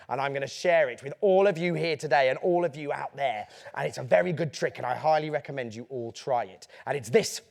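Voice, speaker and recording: Animated man telling stories. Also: medium pitch, gravelly. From England. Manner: animated, playful, theatrical. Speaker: children's author. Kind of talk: storytelling to a young audience.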